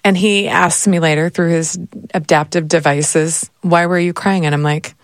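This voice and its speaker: A woman's voice: lowish voice, fairly even intonation, normal speed, no echo. A middle-aged woman talking candidly as a podcast guest, laughing often as she speaks. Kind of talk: casual conversation.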